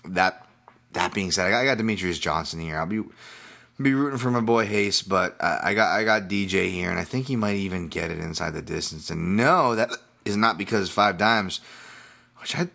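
Deep-voiced hiccuping man rambling on a podcast. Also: normal speed, vocal fry, pushed and bright. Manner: rambling, self-deprecating, frequent restarts. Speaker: podcast host. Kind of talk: casual sports betting talk.

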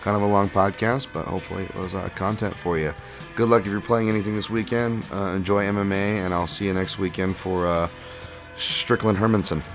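A man with a very low voice hosts a solo podcast. He talks in a loose, rambling way and leans on "um" and "uh" as he thinks. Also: fairly quick, music in the background. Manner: relaxed, rambling, filler-heavy. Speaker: podcast host. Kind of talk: casual solo podcast talk.

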